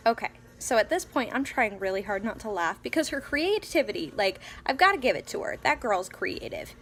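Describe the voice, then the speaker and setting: A woman's voice: on the high side, very animated, brisk. A young woman, a mother of three young children, casually telling a story in a home vlog, rambling with many fillers and restarts. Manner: quotes her child in a soft whisper. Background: faint music playing.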